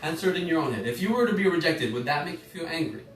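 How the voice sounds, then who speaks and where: A man leads an online class on emotions in a loose, rambling way, correcting himself mid-sentence and asking his listeners questions. His voice sits a little high and comes from some distance off the mic. The room is echoey, with faint music playing underneath. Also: very animated, racing, a bit bright. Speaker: emotional intelligence course teacher. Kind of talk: informal online class talk.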